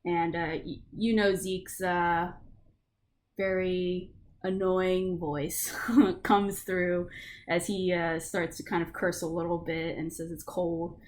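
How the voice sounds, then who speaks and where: A woman's voice: lowish voice, flat delivery, slow, darkish tone, slight background noise. A woman narrating a tabletop game as game master in a casual, loose way, with lots of fillers.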